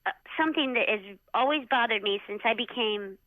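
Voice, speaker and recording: A middle-aged woman, a former jockey, telling lively stories in a casual interview and acting out quotes with lots of "like.". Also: on the high side, brisk, no room sound. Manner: animated, acts out quotes in a raised voice, many "like"s. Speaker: retired jockey, interview guest. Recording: dull, dry lo-fi sound.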